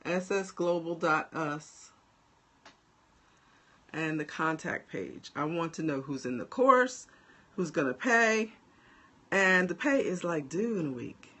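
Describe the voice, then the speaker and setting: A woman's voice: on the low side, slow, long pauses. A woman from New Jersey with a New Jersey accent, a life coach chatting casually and bluntly to her viewers. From New Jersey, USA. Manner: blunt, animated, talks straight to viewers with frequent laughs. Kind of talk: casual livestream chat to viewers.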